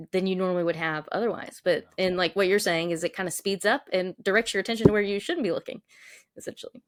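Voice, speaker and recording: A woman co-hosting a Bible lesson, talking in a relaxed, conversational way and summing up points. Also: mid-range voice. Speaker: Bible teaching co-host. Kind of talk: casual teaching discussion.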